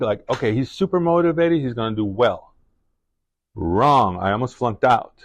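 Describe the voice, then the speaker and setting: A middle-aged man speaking to a class, telling a personal story in a halting way full of restarts and fillers. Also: fairly low pitch, dry recording. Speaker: guest speaker.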